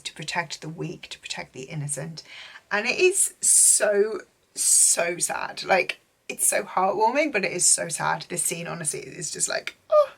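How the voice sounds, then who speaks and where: A woman's voice: fairly low pitch, gravelly, fairly bright tone, husky. A young woman giving a casual, gushing book recap, full of filler words. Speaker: book vlogger.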